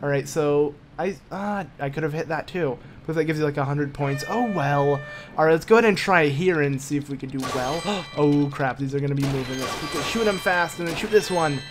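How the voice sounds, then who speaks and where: Excitable young man commenting on gameplay. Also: fairly high pitch, a little fast. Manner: excitable, yelps and exclaims when startled. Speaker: let's play host. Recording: game music loud behind voice. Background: game music.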